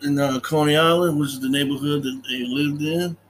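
A man's voice: on the high side, steady tone, fairly quick, a little hiss or hum, low-quality recording. Man casually retelling a film plot. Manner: loose storytelling, acts out characters' lines, laughs often. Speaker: podcast host recapping a film. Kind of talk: casual film recap chat.

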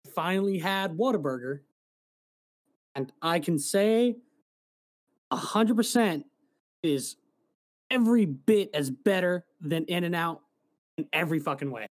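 In a high, animated voice, a man co-hosting a podcast speaks unhurriedly and pauses often. The conversation is casual and rambling, with occasional swearing.

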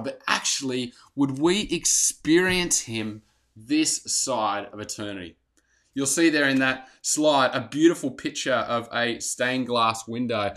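Give me a pastor, a man with a mid-range voice, preaching a relaxed sermon online. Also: mid-range voice.

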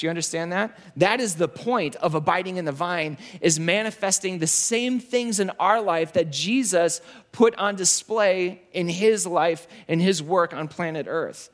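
A male pastor preaches a sermon in an emphatic, repetitive style. His voice sits a bit high for a man. He slows down and goes quiet to drive a point home. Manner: emphatic, repeats key phrases, drops low and slow for weight.

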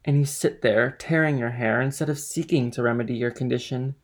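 A man's voice: medium pitch, a little fast, lightly acted. A man reading aloud, voicing a sly, mocking schemer who goads coolly. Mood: sly goading.

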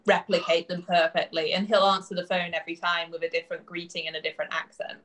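A woman's voice: fairly low pitch, flat delivery, quick pace, a bit bright. A woman from England with a faded English accent, a podcast guest chatting in an easygoing, playful way. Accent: English, softened by years in the Netherlands. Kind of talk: casual chat.

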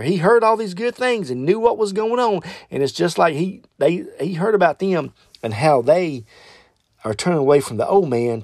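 A slightly mellow male voice, recorded clean in a studio with no echo, preaches a podcast sermon and leads prayer. He is fervent, calling out hallelujah again and again and swinging between high exclamations and low prayer. His delivery is loose, and he corrects himself as he goes.

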